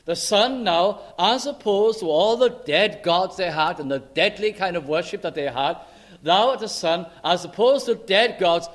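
A man preaching a sermon in an emphatic way, slowing down to stress scripture quotes and key words. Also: high-pitched, animated.

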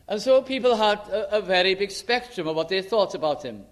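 A man preaching a sermon in an emphatic way, slowing down to stress scripture quotes and key words. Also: high voice, animated.

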